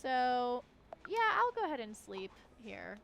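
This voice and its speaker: Chatty high-voiced woman streamer. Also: very animated, unhurried, creaky, fairly bright tone, lo-fi sound, a little hiss or hum. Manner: chatty, giggly, talks to her horse. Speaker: game streamer. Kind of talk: casual gameplay chat. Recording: faint game music behind.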